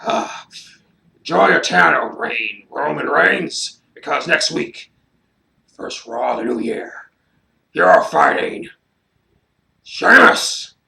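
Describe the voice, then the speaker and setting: A man putting on the voice of a blustering older wrestling boss, loud and theatrical. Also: on the high side, creaky, roomy sound, recorded from a distance, voice pushed up, full character voice. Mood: gloating. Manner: loud, drawn-out, theatrical gloating.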